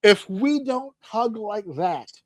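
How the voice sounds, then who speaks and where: A man co-hosting a podcast, telling a story in casual chat with lots of swearing and animated excitement. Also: high voice, slow, no room sound. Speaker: podcast co-host.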